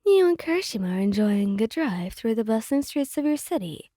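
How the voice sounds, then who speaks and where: A woman narrates a story in a steady read-aloud manner. Her voice sits a little high but sounds mellow and soft-edged, and the recording is dry and close with no room sound. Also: a little fast, no room sound. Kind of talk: reading a fan fiction story aloud.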